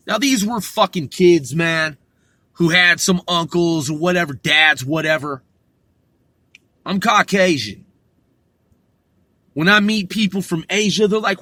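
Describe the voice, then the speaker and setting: High-voiced profane man ranting. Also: measured pace, long pauses, no echo. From United States. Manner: profane, combative, shouting bursts. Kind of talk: ranting monologue to camera.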